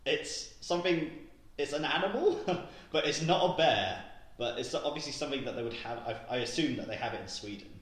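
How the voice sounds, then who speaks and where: A man's voice: mid-range voice, fairly quick, a bit bright. A young English man chatting on a podcast, rambling with lots of fillers and frequent giggles. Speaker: podcast co-host. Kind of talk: casual podcast chat. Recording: echoey room.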